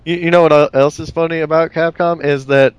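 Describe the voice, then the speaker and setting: A man's voice: fairly high pitch, steady tone, a little fast, clean tone, dry recording, highs cut off. A man co-hosting a casual gaming podcast, ranting and sarcastic, stumbling over his words. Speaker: podcast co-host.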